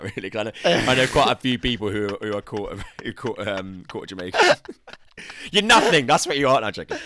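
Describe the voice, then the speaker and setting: A young man chats as a podcast host, teasing his guest and laughing easily. His voice sits low but moves up and down a great deal. The sound is close and dry. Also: sharp tone, dry recording. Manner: chatty, teasing, laughs often. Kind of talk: casual podcast chat.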